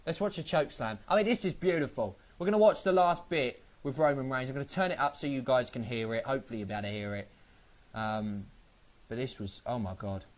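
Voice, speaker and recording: A man giving a casual spoken review of a wrestling show, excitable and rambling, swearing freely. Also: medium pitch, fast talker.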